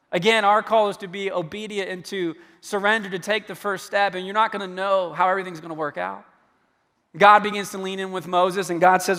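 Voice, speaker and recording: High-voiced pastor preaching in a hall. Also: male voice. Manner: animated, acts out dialogue with rising emphasis. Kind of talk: sermon. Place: church sanctuary. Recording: long hall reverb.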